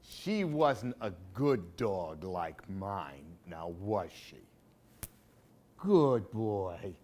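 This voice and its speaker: A man's voice: low voice, big pitch swings, very slow, darkish tone. A man reading picture books aloud for children, with playful asides to young listeners. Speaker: library storytime reader.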